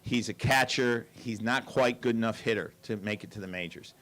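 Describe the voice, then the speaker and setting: A man's voice: medium pitch, normal speed, a bit bright. An older man giving a storytelling talk to an audience, with dry asides and quoted lines.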